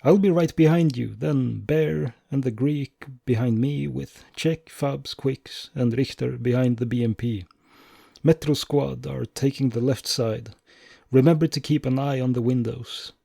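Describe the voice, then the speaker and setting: A man's voice: medium pitch, unhurried, vocal fry, warm tone, dry recording. A gloomy soldier who leads his squad with curt, profane orders and a shrug, as a man reads his lines. The voice sits in an ordinary middle register and comes across dry and close. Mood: brusque. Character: gloomy male squad leader, blunt and fatalistic. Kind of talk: audiobook dialogue.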